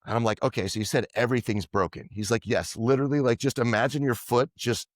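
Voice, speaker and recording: A man being interviewed as a podcast guest, telling lively anecdotes and acting out what others said. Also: medium pitch, fast, dry recording, studio quality. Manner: animated anecdotes, quoting others in dialogue. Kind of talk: casual storytelling interview.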